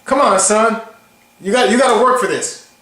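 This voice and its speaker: A man's voice: sits high, moderate pace, pushed and bright, heavy reverb. A man voicing a stern middle-aged father who lays down conditions and scolds.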